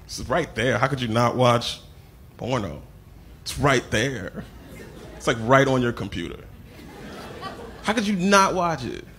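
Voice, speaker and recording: A man's voice: mid-range voice, animated, unhurried, pauses often, fairly bright tone, a little hiss or hum. Matter-of-fact stand-up man. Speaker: stand-up comedian. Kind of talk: stand-up set.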